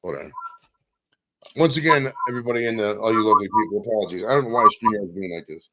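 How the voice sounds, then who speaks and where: A man's voice: fairly low pitch, quick pace, sharp tone, low-quality recording. A man hosting a live-streamed interview show, talking casually and cursing while he fights with his audio setup. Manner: casual, profane, flustered by audio trouble. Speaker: podcast host. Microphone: streaming setup with computer mic.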